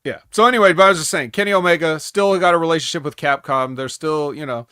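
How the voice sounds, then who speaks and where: A man's voice: fairly high pitch, fast talker, sharp tone, smooth, no echo, studio quality. A man co-hosting a casual wrestling recap podcast, rambling with sarcastic asides. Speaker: podcast co-host.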